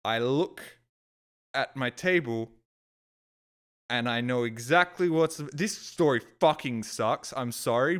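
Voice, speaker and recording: A man's voice: mid-range voice, takes it slowly, a bit bright, clean tone. A young man streaming a game, telling a long rambling story with plenty of swearing. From Australia. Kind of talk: casual storytelling.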